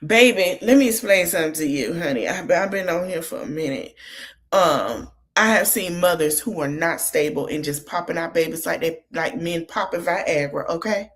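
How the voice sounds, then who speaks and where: A woman's voice: fairly low pitch, lively intonation, normal speed. A woman hosting a podcast, recapping a reality show in a casual way and giving motherly advice straight to the people on it. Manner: chatty, gives motherly advice straight to the cast.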